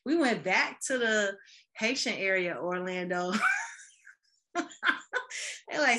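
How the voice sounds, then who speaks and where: A woman in casual podcast chat, animated, laughing often and acting out quoted voices. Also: medium pitch, takes it slowly, long pauses. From Midwest.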